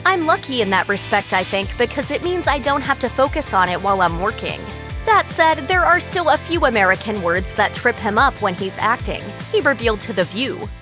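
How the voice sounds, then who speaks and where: A woman narrating a scripted entertainment video in a brisk, polished voice-over. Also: a little high, expressive, over music. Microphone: close studio voice-over mic.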